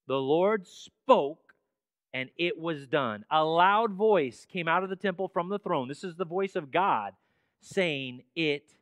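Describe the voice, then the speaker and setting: Male preacher with a high-pitched voice, dramatic delivery, close dry recording. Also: no room sound. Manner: dramatic preaching, swings between hushed and emphatic. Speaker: pastor. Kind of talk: sermon. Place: church sanctuary.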